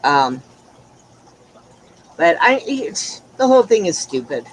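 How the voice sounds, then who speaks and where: A man's voice: high-pitched, sing-song, slow pace, a little hiss or hum, low-quality recording. A man chatting casually on a livestream, telling frank, exasperated stories. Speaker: livestream chat participant. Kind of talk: casual group chat.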